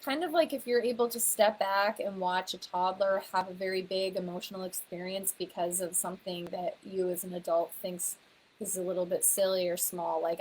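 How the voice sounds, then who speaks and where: A woman who is a naturopathic doctor, teaching in a gentle, reflective way and walking listeners through guiding questions. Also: on the low side, fairly even intonation, moderate pace, slight background noise, rough recording. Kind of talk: teaching to camera.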